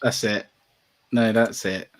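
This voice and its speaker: A man, co-hosting a casual podcast, asking questions in a lively, friendly way. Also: lowish voice, takes it slowly. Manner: lively, questioning, says mate a lot. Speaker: podcast co-host. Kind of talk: casual chat.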